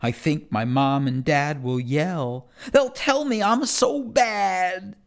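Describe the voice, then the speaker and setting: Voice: mid-range voice, slow pace. A reader performing rhyming children's poems in a first-person kid's voice, with a playful sing-song delivery.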